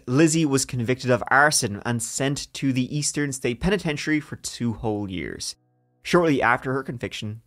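A man's fairly bright, mid-range voice carries a true-crime story told casually on a podcast he co-hosts. He keeps joking along the way and laughs between parts of the story.

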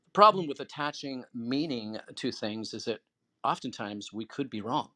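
A man's voice: mid-range voice, animated, moderate pace, pushed and bright, no echo, studio quality. A man hosting an online audio room, explaining in an earnest, teacherly way and acting out example phrases with shifting word stress. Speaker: host and moderator. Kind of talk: conversational advice talk.

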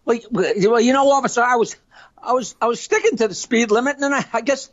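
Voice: mid-range voice, fast talker, lo-fi sound, natural voice. A woman voicing a flustered male driver who stammers through rambling excuses.

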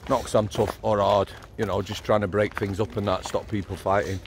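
A man's voice: fairly low pitch, level tone, fairly quick, background noise. A middle-aged man with a Yorkshire accent, a former prison officer telling blunt, matter-of-fact stories while walking outdoors at night. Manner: blunt, matter-of-fact storyteller, swears freely. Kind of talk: casual storytelling on a night walk.

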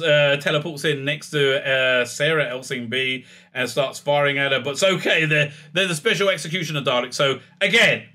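A man with a raised pitch and a very bright, sharp tone hosts an offhand spoken recap of a TV episode. His delivery is sarcastic and animated, full of "uh"s and restarts. He keeps slipping into quick voices for the lines he quotes. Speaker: TV episode reviewer, channel host. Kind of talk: casual spoken recap and review.

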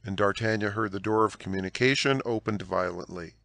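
A man's voice: lowish voice, a little fast, creaky, a bit bright, no echo. Man reading an audiobook, dry and close. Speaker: audiobook narrator. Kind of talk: audiobook narration.

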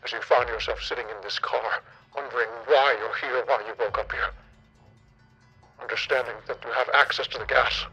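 A man voicing a sinister male Jigsaw-style captor who lays out deadly rules in a slow, hushed, menacing monologue. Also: mid-range voice, fairly even intonation, slightly rough, faint music behind, voice pushed down, rough recording. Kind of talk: mock horror-movie monologue.

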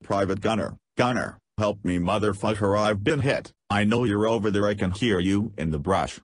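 A man's voice: lowish voice, moderate pace, husky, no room sound, clean studio sound. A man voicing a badly wounded soldier who pleads and curses in an audiobook. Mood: desperate. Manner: pleading, profane. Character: badly wounded young male soldier, panicked.

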